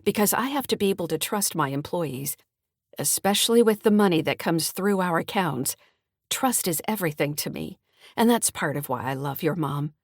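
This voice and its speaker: A woman's voice: fairly low pitch, expressive, moderate pace, no echo, clean studio sound. A woman voicing a friendly small-town escrow officer in an audiobook, chatty and earnest. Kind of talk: audiobook character reading.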